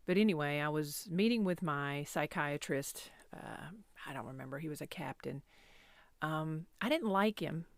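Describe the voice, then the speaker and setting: A woman's voice: low-pitched, moderate pace, no room sound. A woman in her fifties telling a personal story as a podcast host, candid and self-deprecating, rambling with restarts. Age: 50s.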